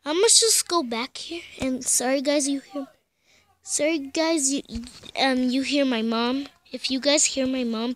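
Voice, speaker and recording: High-voiced young woman, hushed and scared. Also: fairly even intonation, measured pace. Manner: scared, pleading, often dropping to a whisper. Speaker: gamer. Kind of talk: horror game commentary. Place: bedroom at home.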